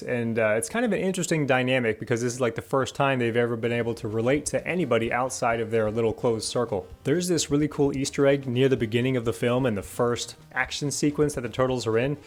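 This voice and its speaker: A man giving a casual spoken film review, exasperated and sarcastic as he rants about what he dislikes. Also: mid-range voice. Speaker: movie reviewer.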